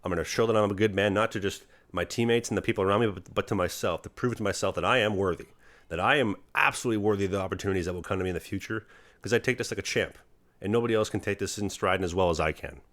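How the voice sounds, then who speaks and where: Fast-talking young man, earnest podcast host. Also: lowish voice, fairly bright tone, dry recording. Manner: earnest, rambling, motivational, fast with fillers. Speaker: podcast host, hockey goalie. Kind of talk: casual podcast chat.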